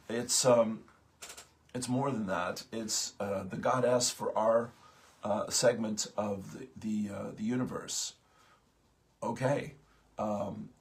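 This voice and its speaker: A man hosting a morning spiritual talk, speaking haltingly with many pauses and fillers, just out of bed. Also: on the low side. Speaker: host of a morning spiritual program.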